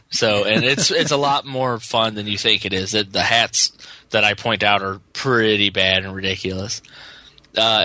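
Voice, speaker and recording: A man co-hosting a podcast in a casual, rambling chat, sleepy and full of fillers and restarts. His voice is sharply bright and tense, set a little low, and recorded very dry with no room sound at all. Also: dry recording. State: yawning, sleepy. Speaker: podcast co-host.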